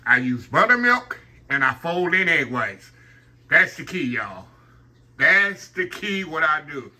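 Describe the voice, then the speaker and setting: A man's voice: fairly high pitch, very animated, takes it slowly, pushed and bright. An older man hosting a casual home cooking video, chatting folksy with viewers as he works in his kitchen. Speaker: home cooking channel host.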